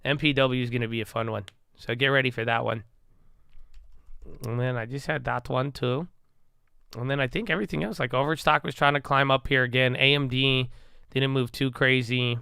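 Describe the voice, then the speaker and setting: Male market-stream host; bright, gravelly tone, rambling casual delivery. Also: mid-range voice, steady tone, moderate pace, dry recording, studio quality. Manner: rambling, joking, laughs often, trails off and mumbles. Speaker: stock market livestream host. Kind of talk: casual live market commentary.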